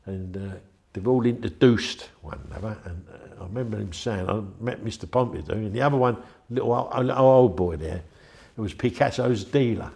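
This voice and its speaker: Fairly quick and creaky, the lowish, darkish voice belongs to an older man spinning anecdotes during an interview. He's chatty and meandering, restarting often.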